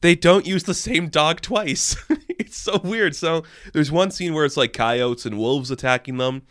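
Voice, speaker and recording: A young man recapping a movie in a casual, rambling and excitable way, often incredulous and breaking off mid-sentence. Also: fairly high pitch, measured pace, dry recording, studio quality. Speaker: movie reviewer.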